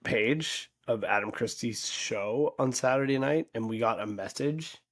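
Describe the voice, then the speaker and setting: A man's voice: mid-range voice, unhurried, fairly bright tone, no echo, studio quality. A man in his forties, a podcast co-host, telling a story in casual chat and acting out the quoted voices. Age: 40s.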